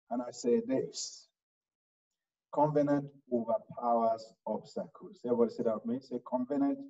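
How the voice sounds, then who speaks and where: A man preaching a sermon as pastor, pressing his points with shouted emphasis and repeated lines. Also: mid-range voice, distant mic, muffled recording.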